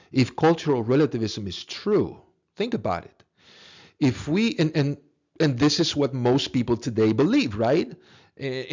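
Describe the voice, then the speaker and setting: A man's voice: mid-range voice, a little mellow, muffled recording. A man giving a recorded philosophy lecture in an earnest, emphatic way, repeating words and asking rhetorical questions.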